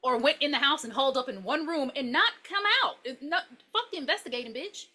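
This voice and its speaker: A woman co-hosting a podcast in casual chat, with blunt, opinionated commentary and free swearing. Her voice sits a bit high and swings widely in pitch. She sounds bright and forward. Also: animated, quick pace. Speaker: podcast co-host. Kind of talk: casual movie review chat.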